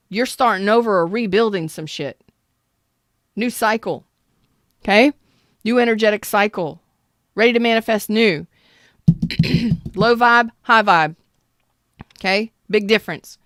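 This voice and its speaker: A woman's voice: mid-range voice, dry recording, clean studio sound. Blunt, slangy woman tarot reader. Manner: blunt, swearing, animated Southern-style slang. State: clearing throat after a cough. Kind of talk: casual livestream tarot reading.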